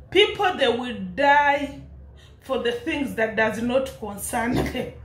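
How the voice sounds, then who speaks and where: A woman's voice: high-pitched, a bit bright, reverberant. A woman with an East African English accent ranting in commentary, indignant and laughing, firing rhetorical questions. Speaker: commentary vlogger.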